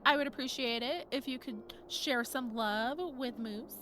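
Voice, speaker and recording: A woman's voice: a little high, unhurried, sharp tone, slight background noise. A young woman streaming a video game, chatting casually with her viewers, giggling and gushing about the characters. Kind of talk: casual gameplay chat reading chat. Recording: game music underneath.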